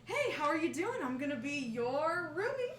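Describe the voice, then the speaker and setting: A cheerful jewelry dealer who loves a good gossip, voiced by a woman. He is friendly, upbeat and chatty, and his voice sits fairly high. The sound is echoey and distant, with music running underneath. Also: lively intonation, a little fast, a crowd in the background, close to an everyday voice.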